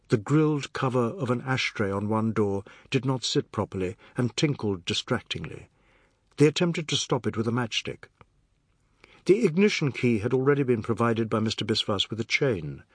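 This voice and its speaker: A man reading a novel aloud as an audiobook narrator, in a measured, expressive way. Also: mid-range voice, breathy edge, no room sound, studio quality.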